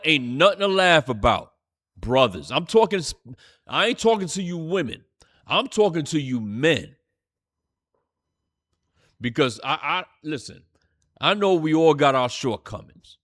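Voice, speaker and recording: A man's voice: a little high, animated, a little slow, long pauses, fairly bright tone. A man teaching a church class, telling a story with fiery, profane outbursts. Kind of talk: preaching class lesson.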